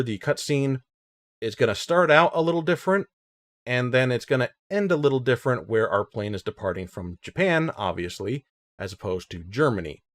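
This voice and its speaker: A man giving casual, joking gameplay commentary as host of a let's play. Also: medium pitch. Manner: joking, rambling. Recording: game sound noise underneath.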